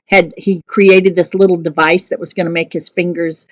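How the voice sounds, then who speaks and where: A woman teaching music history in a conversational way, often pausing and correcting herself. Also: lowish voice, little pitch movement, no room sound. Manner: conversational, with fillers and self-corrections. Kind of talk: recorded music history lesson.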